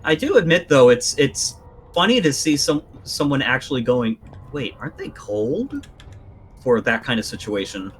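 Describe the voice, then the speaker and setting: A man adding deadpan asides to a friend's game session in a casual way. His voice sits mid-range but moves around lively as he makes his wry remarks. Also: mid-range voice, moderate pace, husky. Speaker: co-commentator. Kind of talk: casual gameplay commentary.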